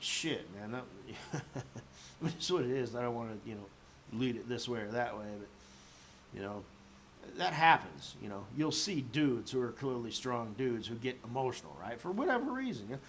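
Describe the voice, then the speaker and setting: This slightly drunk male vlogger delivers a rambling solo rant, swearing freely and leaning on fillers while faint noise hums behind him. His medium-pitched, somewhat bright voice swings widely in pitch at a moderate pace, broken by long pauses.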